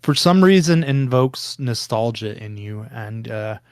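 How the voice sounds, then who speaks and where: A man's voice: mid-range voice, animated, measured pace, a little mellow, clear, resonant tone, no echo, studio quality. A man narrating a tabletop game as game master, rambling with many ums and restarts.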